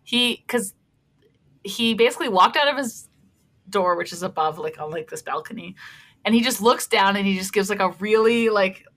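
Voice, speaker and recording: Brief: bright, chatty woman co-host telling a story. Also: mid-range voice, normal speed. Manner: chatty storyteller, laughs often. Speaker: podcast co-host. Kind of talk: casual chat.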